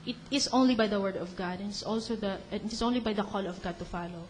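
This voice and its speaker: A woman with a Filipino accent gives a religious teaching talk, moving between English and Tagalog and acting out quotes in a lively way. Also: medium pitch, fast, a little hiss or hum. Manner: animated, mixes English and Tagalog, acts out quotes with laughter. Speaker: preacher.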